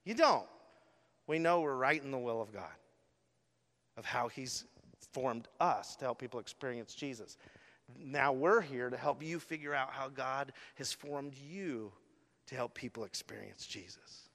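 A man's voice: medium pitch, measured pace, a bit bright. A middle-aged man preaching a sermon as a pastor, telling a story animatedly with lots of casual fillers. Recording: long hall reverb.

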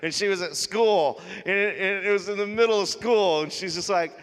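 A man preaches to his congregation in a relaxed, storytelling manner, his fairly high voice bright and forceful. The sound rings with the long reverb of a large hall. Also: normal speed, clear, resonant tone. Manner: conversational storytelling, animated. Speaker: pastor. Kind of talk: sermon. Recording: live sermon in a reverberant hall.

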